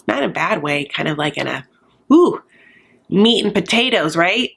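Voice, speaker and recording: A woman's voice: on the low side, animated, moderate pace, vocal fry, fairly bright tone, breathy edge. A woman hosting a casual comedic recap, sassy and gushing, full of filler "like". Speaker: host of a reality-show recap channel.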